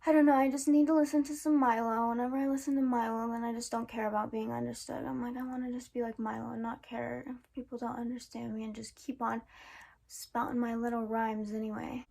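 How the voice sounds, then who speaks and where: A woman's voice: fairly high pitch, flat delivery, a little fast, creaky, warm tone. Rambling young woman vlogger. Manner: rambling, musing, sometimes exasperated. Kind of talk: casual personal vlog.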